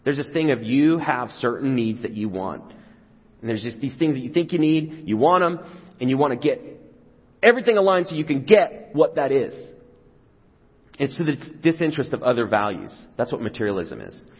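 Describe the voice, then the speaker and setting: A man's voice: mid-range voice, expressive, fairly quick, slightly rough. A man preaching a sermon in a casual, conversational way, sometimes acting out the voices of the crowd. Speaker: pastor. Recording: dull sound with long hall reverb.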